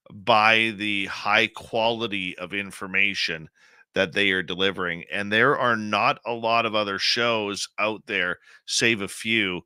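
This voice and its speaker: A man hosting a radio talk show, speaking earnestly and haltingly with many restarts. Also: on the low side, pushed and bright, clear, resonant tone, dry recording. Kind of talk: casual on-air talk.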